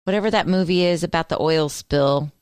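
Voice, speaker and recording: A woman's voice: deep voice, brisk, darkish tone, smooth, dry recording, studio quality. A woman co-hosting a radio show, trading wry, teasing quips in casual banter.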